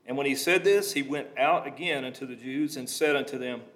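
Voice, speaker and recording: A man's voice: medium pitch, a little fast, a bit bright. A man preaching a sermon, reading scripture aloud and breaking into plain conversational asides to explain it.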